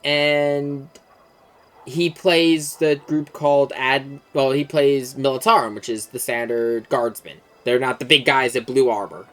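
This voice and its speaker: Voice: medium pitch, steady tone, a little slow, fairly bright tone. A game streamer casually explaining game lore, enthusiastic and rambling, with lots of fillers and swearing.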